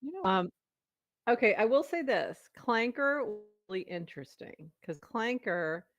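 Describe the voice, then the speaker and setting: A woman co-hosting a casual chat, giving quick upbeat recaps with laughter. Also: fairly high pitch, expressive. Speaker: co-host. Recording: dull dry home mic.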